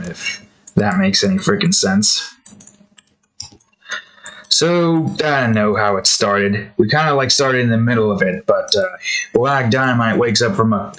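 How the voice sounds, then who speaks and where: Man, casual drawing commentary, rambling, animated, wide pitch swings. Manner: rambling, animated storytelling with fillers. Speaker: artist vlogger.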